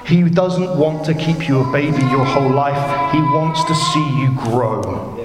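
A man's voice: on the high side, unhurried, over music. A man preaching a sermon, earnest and emphatic, pressing his points with rhetorical questions. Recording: echoey hall with long reverb.

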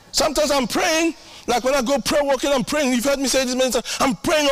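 A man preaching a sermon as pastor, emphatic and animated, repeating key lines and acting out his own prayers with humor. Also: very high-pitched, normal speed, noisy background.

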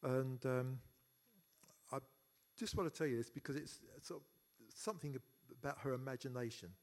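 A man speaks at a funeral, delivering a eulogy for his sister. He tells family stories in a halting way, full of fillers and false starts. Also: mid-range voice, darkish tone. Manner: halting and anecdotal, many fillers and restarts. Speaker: eulogy speaker, brother of the deceased.

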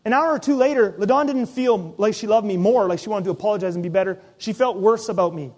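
A man preaching a sermon as pastor, telling personal stories with lively, acted-out asides. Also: high voice, quick pace. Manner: animated storytelling, acts out his own inner voice.

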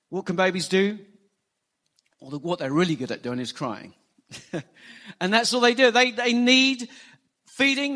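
A man preaching a sermon, animated and emphatic, acting out quoted lines. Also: high-pitched. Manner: animated preaching, rising emphasis, quotes scripture in acted voices. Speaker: pastor.

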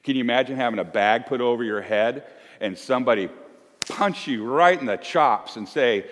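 A man in his fifties preaching a sermon as pastor, conversational and swinging between loud emphasis and hushed asides. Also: medium pitch, expressive, moderate pace, long reverb tail. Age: 50s. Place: church.

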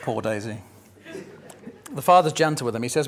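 A man's voice: mid-range voice, expressive, normal speed, pauses often, a bit bright. A man preaching a sermon, telling a Bible story in a conversational, lightly humorous way. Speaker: pastor.

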